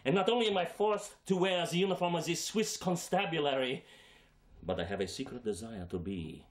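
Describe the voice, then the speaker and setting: A man's voice: on the high side, expressive, racing, voice pushed up. An actor playing a bumbling retired policeman with an outrageous put-on accent, stammering and hesitant. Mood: pleading. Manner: hesitant, stammering, bursts into shouting. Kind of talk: comedic film scene acting.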